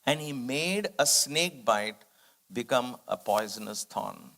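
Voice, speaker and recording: A man's voice: mid-range voice, lively intonation, slow pace, vocal fry, bright, forceful tone. A man speaking at a devotional study circle, telling a personal spiritual story in an earnest, reflective way. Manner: earnest, reflective, acts out quoted dialogue.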